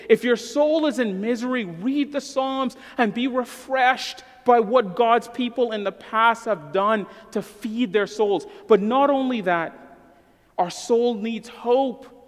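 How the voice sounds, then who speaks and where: A man in his thirties preaching a sermon as a pastor, earnest and emphatic, falling to a soft voice in prayer. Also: very high voice. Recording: long hall reverb.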